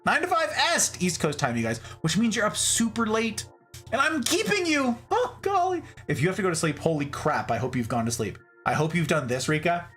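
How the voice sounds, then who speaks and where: Man, live streamer, casual chat, effusive, laughing, very animated pitch. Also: fairly quick, faint music behind. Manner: chatty, effusive, often laughing.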